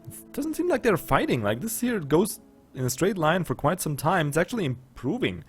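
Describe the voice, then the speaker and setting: A man's voice: a little high, sing-song, normal speed, faint music behind. A man with a German accent, casually commenting on a strategy game and thinking aloud with muttered asides. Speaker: let's play gamer.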